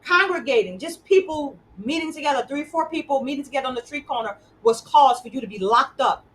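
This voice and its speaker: A woman's voice: high-pitched, expressive, a little fast, a bit bright, slight background noise, poor audio. A woman hosting an interview show, talking conversationally and repeating words as she builds her points. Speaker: host.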